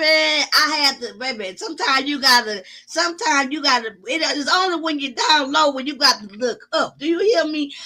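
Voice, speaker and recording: Loud, whooping high-voiced woman streamer. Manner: loud, exclamatory and preachy, with whooping and cursing. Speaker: live-stream host. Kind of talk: casual live-stream talk to viewers.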